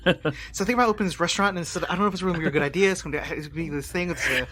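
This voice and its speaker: Casting: a man as a rambling, eager adventurer, bright, fast-talking. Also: sits high, slight background noise. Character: jittery chatty adult adventurer, rambling about plans. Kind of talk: in-character tabletop roleplay.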